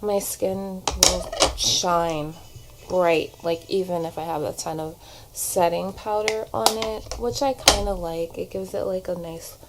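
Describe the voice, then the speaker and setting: Heavy background noise surrounds a woman vlogger and actor chatting casually as she does her makeup at home. Her voice is on the low side, with fairly even intonation and a measured pace, and she rambles with plenty of "like" fillers. A camera propped on a shelf records this get-ready-with-me.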